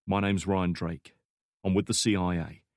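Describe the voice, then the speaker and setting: A man voicing a calm male CIA operative who gives orders and reassurance in a steady voice. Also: low voice, moderate pace, no echo, studio quality.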